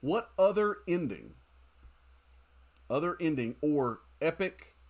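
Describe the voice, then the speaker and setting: A male gaming streamer chats loosely with his viewers while he plays, dropping in "dude" and "um" as he goes. His pitch swings widely and his delivery stays lively and expressive. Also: takes it slowly. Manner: chatty and animated, talking to chat with fillers like "dude" and "um". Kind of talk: casual livestream chat while gaming.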